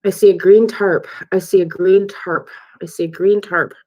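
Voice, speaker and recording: A woman working as a psychic medium in a live spirit-channeling session, speaking haltingly, repeating herself and often dropping to a whisper. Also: medium pitch, fairly even intonation, darkish tone, highs cut off.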